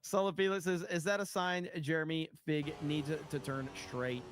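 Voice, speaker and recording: A man's voice: a little high, moderate pace. A man chatting casually on a live stream, reading out viewer donations with a loose, jokey, rambling manner full of fillers and the odd swear word.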